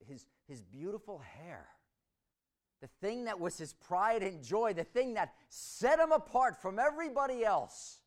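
A man preaching a sermon, swinging between hushed reflection and loud, dramatic storytelling. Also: medium pitch.

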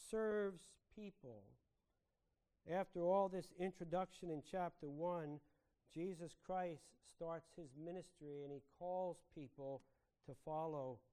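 A man's voice: high voice, a little mellow, poor audio. A man preaching a sermon to a congregation, earnest and full of rhetorical questions.

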